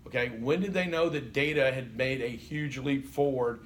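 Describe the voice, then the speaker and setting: A man teaching a college class, animated and joking, often checking in with the room. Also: mid-range voice, moderate pace, a little hiss or hum. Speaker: college instructor. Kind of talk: classroom lecture.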